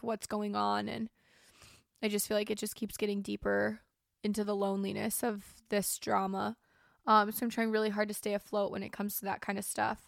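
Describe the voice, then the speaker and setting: A woman's voice: medium pitch, creaky, no echo, clean studio sound. A young woman host talking through a casual, rambling personal monologue, emotional and tearful, with many fillers. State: crying. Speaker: podcast host.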